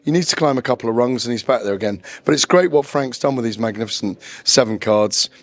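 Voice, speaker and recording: Guest boxing pundit, man, mid-range pitch, knowledgeable and rambling. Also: fast talker. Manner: knowledgeable, discursive, self-deprecating. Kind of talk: casual interview. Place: press conference venue.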